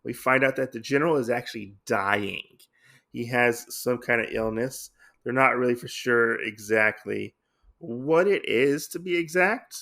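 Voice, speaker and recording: A man hosting a podcast, recapping a comic book in a halting, rambling way full of fillers and self-corrections. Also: medium pitch, vocal fry, fairly bright tone. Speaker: podcast host.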